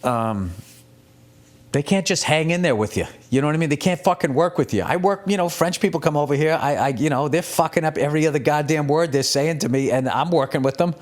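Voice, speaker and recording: A middle-aged man talks off the cuff like a working comedian, swearing freely and drifting from one story to the next. His delivery is casual and animated, with plenty of restarts and asides. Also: on the high side, brisk. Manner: profane, rambling, animated storytelling. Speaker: comedian, podcast host. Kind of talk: casual rambling monologue.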